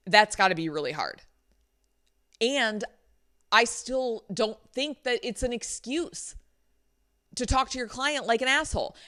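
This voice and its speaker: A young woman with a bright, forward voice tells a storytime vlog. She is animated and exasperated, with lots of "like" fillers. The sound comes from a laptop's built-in microphone. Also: mid-range voice. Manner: animated, exasperated retelling with many likes. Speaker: vlogger. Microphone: laptop built-in mic.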